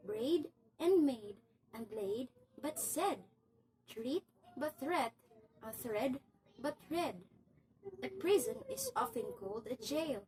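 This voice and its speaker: A woman reciting a poem slowly, enunciating each word with deliberate care. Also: high voice, darkish tone, low-quality recording. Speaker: poetry reciter. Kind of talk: slow recitation of a spelling poem.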